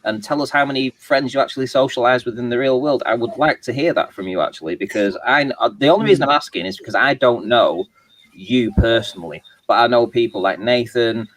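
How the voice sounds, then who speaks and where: A man talks casually on a live stream, his sentences stopping and restarting as he works through his point. His voice sits at an ordinary middle pitch. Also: a bit bright, poor audio. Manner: rambling, halting, many restarts and fillers. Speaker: co-host of a live chat stream. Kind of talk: casual chat.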